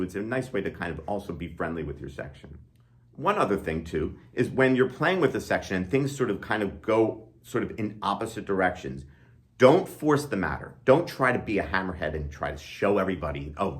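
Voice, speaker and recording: A middle-aged man, an orchestra violinist, explaining section playing in a friendly, casual way, often checking in with "okay?". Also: low voice. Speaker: orchestra violinist giving tips. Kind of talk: casual instructional talk to camera.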